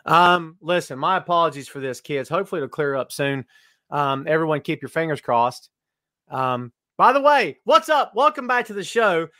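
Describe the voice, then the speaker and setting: A man's voice: fairly high pitch, animated, moderate pace, sharp tone, no room sound, studio quality. A middle-aged man hosting a live-streamed wrestling podcast, joking and teasing as he greets viewers by name. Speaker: podcast host. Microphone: webcam live stream.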